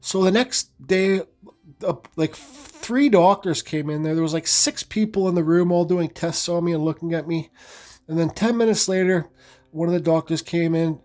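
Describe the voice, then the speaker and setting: A man's voice: on the high side, moderate pace, a little mellow, faint music behind. A man casually telling his own story in a rambling way, with lots of restarts and swearing. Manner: rambling, repeats himself, swears freely; frequent restarts and fillers like "I says" and "like".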